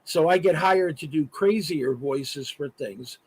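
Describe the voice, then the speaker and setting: Guest man, husky, a touch high, rambling chatty delivery with lots of fillers. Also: unhurried, dry recording, poor audio. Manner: chatty, many "uh" fillers and restarts. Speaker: guest artist and voice actor. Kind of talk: casual interview chat. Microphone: remote live stream call.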